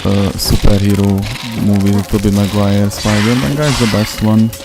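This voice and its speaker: A man's voice: lowish voice, level tone, normal speed. A man hosting a casual let's-play, joking and talking to himself as he plays. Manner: joking, talks to himself while playing. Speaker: gaming channel host. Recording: game music playing loudly behind the voice. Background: game music.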